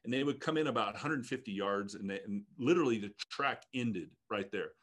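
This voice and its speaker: A man in his fifties with a fairly low voice shares his personal story in an interview. He speaks earnestly and reflectively. He often halts and restarts his sentences. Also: brisk, a bit bright. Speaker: ministry leader guest.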